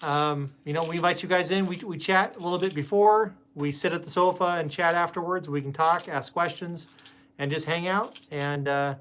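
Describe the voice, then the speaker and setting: A man's voice: on the high side, fairly even intonation, normal speed, fairly bright tone, a little hiss or hum. A man hosting a casual live stream, chatting and greeting viewers by name with plenty of fillers. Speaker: host.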